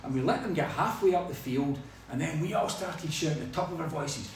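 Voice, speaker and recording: A man's voice: high voice, normal speed, crowd noise. A man preaching a sermon, telling stories with humor. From Scotland. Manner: lively storytelling with humor. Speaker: pastor. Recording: echoey hall from far off.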